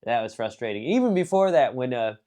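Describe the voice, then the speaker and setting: This man's voice is medium in pitch and a little fast. He offers a laid-back, rambling review of an anime film, full of fillers and restarts, bouncing between bursts of excitement and hushed muttering on the side.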